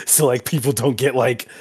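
A man's voice: medium pitch, fairly even intonation, unhurried, husky. A man co-hosting a casual podcast, talking loosely with plenty of swearing and easy laughter. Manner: loose and profane, laughs easily. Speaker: podcast co-host.

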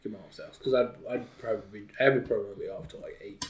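A man's voice: on the low side, steady tone, racing, slight background noise. A young man chatting casually, telling stories in a loose, rambling way and laughing often. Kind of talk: casual chat.

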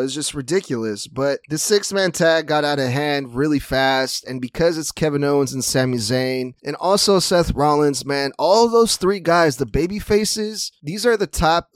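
A man's voice: mid-range voice, dry recording. Chatty opinionated man, dry close sound. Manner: chatty and opinionated, many fillers. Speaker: podcast host. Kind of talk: casual solo recap.

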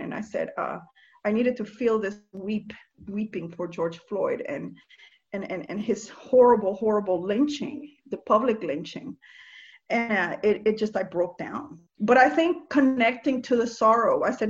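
A woman's voice: medium pitch, moderate pace. A woman from Nicaragua giving a personal testimony about faith and empathy, earnest and reflective, often restarting and repeating words. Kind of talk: personal testimony, casual talk. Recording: dull lo-fi sound.

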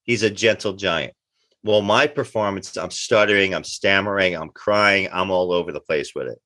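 A middle-aged man, telling animated anecdotes in an interview and acting out the dialogue he quotes. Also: low voice, normal speed, no room sound. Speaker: actor guest. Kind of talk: casual interview storytelling.

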